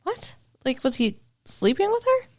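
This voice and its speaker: A woman co-hosting a comedic podcast, teasing her fiancé and reacting quickly to the news he reads. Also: extremely high pitch, big pitch swings, a little mellow. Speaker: podcast co-host.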